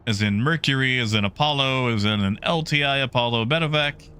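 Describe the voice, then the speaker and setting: A man's voice: mid-range voice, fairly quick, sharp tone, clear, resonant tone. A man streaming a game, chatting casually and greeting viewers in the chat by name.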